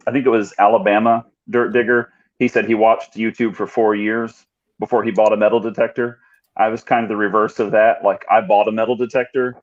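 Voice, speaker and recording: Low-voiced man on muffled call audio. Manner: relaxed, plain storytelling. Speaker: guest, metal detecting hobbyist. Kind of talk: casual chat.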